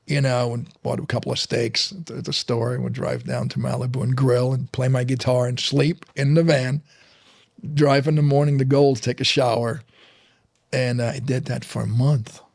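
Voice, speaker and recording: A man's voice: mid-range voice, creaky, a little mellow, dry recording, studio quality. A middle-aged man from Berlin with a German accent, a guest in a casual interview, telling stories with many restarts and fillers. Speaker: guest, fitness trainer.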